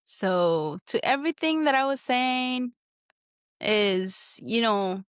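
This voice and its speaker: A woman's voice: fairly high pitch, expressive, takes it slowly, smooth, no room sound, clean studio sound. A woman, hosting a candid solo podcast, talking bluntly and heatedly and swearing often. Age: 20s. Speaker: podcast host.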